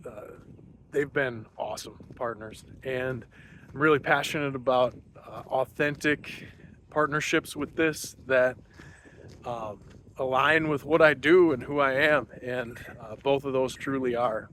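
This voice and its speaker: A man's voice: medium pitch, fairly bright tone. Male podcast host, casual rambling intro recorded while walking outside, slightly winded, faint background hiss. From Wisconsin. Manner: loose, rambling, many fillers. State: a little out of breath. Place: outdoors on a morning walk.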